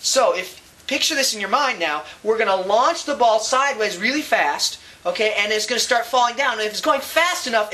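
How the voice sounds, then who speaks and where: A man's voice: high voice, sharp tone. A man teaching a science lesson with props, playful and enthusiastic, adding little sound effects as he explains.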